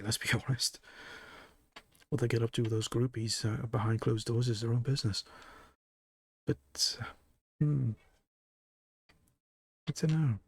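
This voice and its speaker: Gravelly-voiced man chatting on stream. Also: on the low side, dry recording. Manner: chatty, joking, laughs often. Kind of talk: casual live stream chat.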